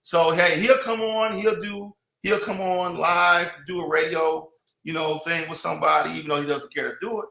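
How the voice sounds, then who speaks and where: A man's voice: a little high, fairly even intonation, moderate pace, gravelly, pushed and bright, echoey room, rough recording. A man in casual podcast chat, rambling with many restarts and "you know what I mean".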